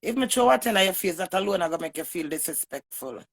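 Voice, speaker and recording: A woman with a Jamaican accent giving a heated, emphatic livestream rant to her viewers, swinging from loud bursts to low mutters. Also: animated, quick pace, vocal fry. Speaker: online personality.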